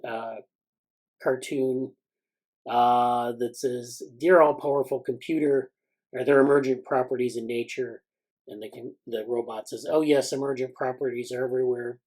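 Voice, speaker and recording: A man's voice: mid-range voice, darkish tone, poor audio. A man hosting an informal research meeting on a video call, reading passages aloud and then commenting in a hesitant way, with frequent fillers and restarts. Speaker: meeting host reviewing newsletter items. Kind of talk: casual academic meeting talk, reading excerpts aloud.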